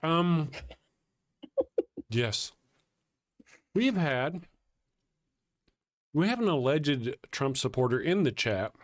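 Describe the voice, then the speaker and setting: A man's voice: on the high side, sing-song, very slow, long pauses, no room sound. A man co-hosting a live talk show, chatting casually about politics, sardonic and profane, thanking viewers from the chat. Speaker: co-host of a call-in show.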